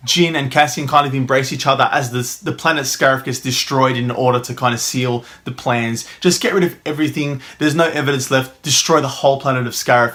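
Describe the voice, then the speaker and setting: A man's voice: medium pitch, sharp tone. A young man giving an enthusiastic, casual film review, swearing freely and acting out the scenes.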